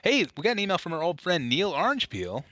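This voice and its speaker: A man's voice: on the high side, big pitch swings, fast talker, pushed and bright, no room sound, muffled recording. A man co-hosting a casual comedy podcast, rambling and self-deprecating, laughing often. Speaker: podcast co-host.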